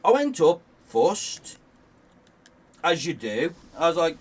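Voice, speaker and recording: A man's voice: a little high, big pitch swings, takes it slowly, slightly rough, far from the mic. A young man, a guest on a game stream, telling a story in casual chat, rambling with restarts and laughing often.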